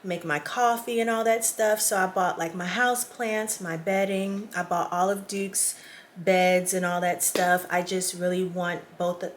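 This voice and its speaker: Low-voiced woman vlogger, emotional and chatty. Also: fairly even intonation, a little slow, slight background noise. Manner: chatty, addresses viewers directly. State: emotional, close to tears. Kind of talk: casual talk to camera. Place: small guest house room indoors.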